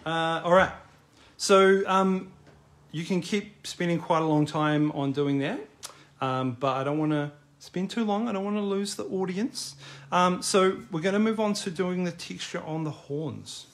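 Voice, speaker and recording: A man's voice: sits high, measured pace. A middle-aged man teaching a live online drawing class in a casual, encouraging, chatty way. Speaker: art teacher.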